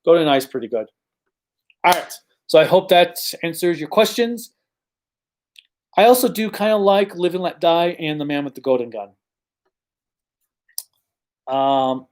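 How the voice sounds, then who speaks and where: A man hosting a casual livestream Q&A, reading viewer questions and answering in a chatty, rambling way with frequent ums and self-corrections. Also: fairly high pitch.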